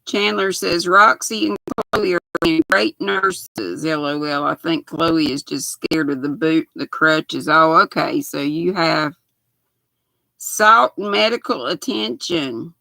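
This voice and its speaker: A raspy Southern grandmother from the United States hosts a knitting livestream, chatting slowly in a low, pushed and bright voice with no echo. Folksy and chatty, she reads viewer comments aloud into her built-in laptop mic.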